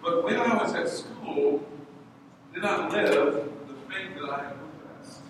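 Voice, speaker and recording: A man's voice: a little high, measured pace. A middle-aged man and pastor preaching a sermon in a church hall, telling stories and acting out the voices of others. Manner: animated storytelling, acting out voices. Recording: echoey hall from far off, noisy.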